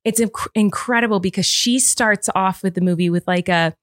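A woman's voice: medium pitch, moderate pace, dry recording, clean studio sound. A woman co-hosting a podcast in casual chat, gushing and playfully exaggerating. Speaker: podcast co-host.

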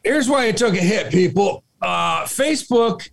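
A man's voice: sits high, lively intonation, measured pace, gravelly, a bit bright. A man co-hosting a podcast, talking stock trades in a blunt, profane way. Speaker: podcast co-host. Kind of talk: casual podcast chat about stocks.

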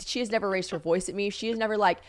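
A woman hosting a podcast, chatting casually and telling stories with lively acted-out exchanges. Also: mid-range voice, rapid-fire. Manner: animated storytelling, acting out both sides of a scene. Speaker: podcast host. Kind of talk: casual chat.

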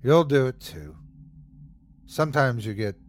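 A man voicing a cryptic male stranger who speaks bluntly and quietly with a melancholy edge. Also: mid-range voice, big pitch swings, measured pace, slight background noise.

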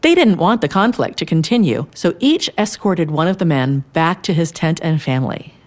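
Gentle grandma storyteller, low voice, lots of lilt. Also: female voice, animated, moderate pace. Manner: gentle, warm-toned storytelling. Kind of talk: scripted children's audio drama.

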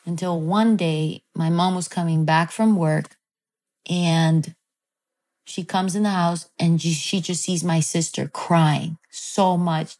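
A woman with a slightly low voice tells a personal story in a casual, animated way. She talks loosely, with plenty of fillers and restarts. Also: slow. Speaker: guest telling a personal story.

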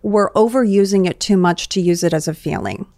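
A woman's voice: mid-range voice, brisk, dark tone, no echo, studio quality. A woman therapist, a guest on a podcast, analyzing relationship dynamics in an explanatory, conversational way.

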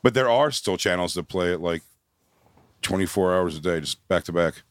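A man's voice: low voice, animated, normal speed, no room sound. A man, a comedian guest, chatting casually on a live podcast in a laid-back way and laughing often.

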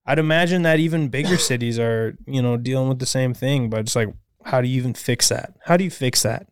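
A man from Minnesota, co-hosting a podcast, telling a story in an animated, casual way and swearing freely. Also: mid-range voice, fairly quick, slight background noise. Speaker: podcast co-host.

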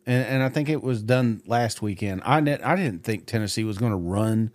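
A man's voice: fairly low pitch, moderate pace, darkish tone, no echo. A man co-hosting a football podcast in casual chat. He talks animatedly, swears freely and often restarts his words, recorded dry and close. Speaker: podcast co-host. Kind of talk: casual sports talk.

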